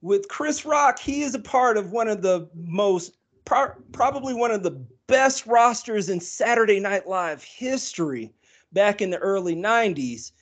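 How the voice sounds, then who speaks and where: A man's voice: high-pitched, lively intonation, measured pace, a bit bright. A man co-hosting a podcast, talking casually and rambling with many fillers and restarts. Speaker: podcast co-host. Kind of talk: casual chat.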